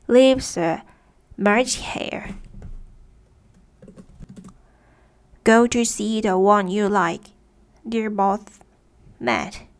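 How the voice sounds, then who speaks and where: A woman voicing a grinning, sly talking cat who speaks in riddles, slowly and matter-of-factly. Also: mid-range voice. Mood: playful.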